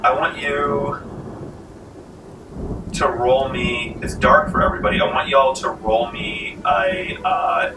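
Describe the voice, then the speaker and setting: A man narrating a tabletop game as game master, lively and laughing often, recorded in a library meeting room. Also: mid-range voice, unhurried, creaky. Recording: echoey room, mic far off, faint hiss.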